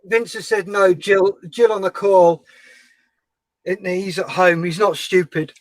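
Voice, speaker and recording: High-voiced man teasing his friends. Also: fairly even intonation, unhurried, no room sound, rough recording. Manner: teasing, jokey. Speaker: host of a model-building livestream. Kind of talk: casual banter on a group call.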